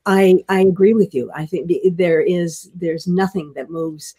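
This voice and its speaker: An older woman, a veteran actress, telling stories in an interview, halting and restarting often as she chuckles. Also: lowish voice, dark tone, breathy edge. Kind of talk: interview storytelling.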